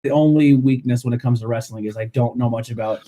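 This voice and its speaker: A man hosting a casual wrestling podcast, relaxed and steering the talk between guests. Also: medium pitch, quick pace, a crowd in the background. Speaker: podcast host.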